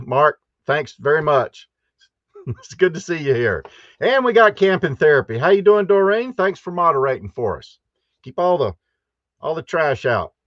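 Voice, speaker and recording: A man's voice: on the high side, a bit bright, dry recording, dull audio. A man hosting a live stream from a campground, chatty and rambling, giggling often as he greets viewers. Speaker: host of a live stream show. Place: campground in Texas.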